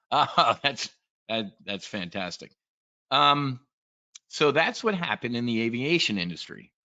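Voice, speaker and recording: A man's voice: fairly low pitch, bright, forceful tone, highs cut off. A man giving a casual, blunt and profane trade briefing, talking in a rambling way as a trading educator.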